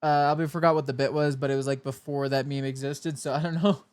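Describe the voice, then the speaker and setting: Young male streamer from California with a light cowboy drawl, keeps restarting his sentences, voice sits a bit high, dry close mic. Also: flat delivery, fairly quick, clean tone, no room sound. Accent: soft put-on Southern cowboy drawl. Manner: rambling, chatty, self-interrupting. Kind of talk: casual live-stream chat while gaming.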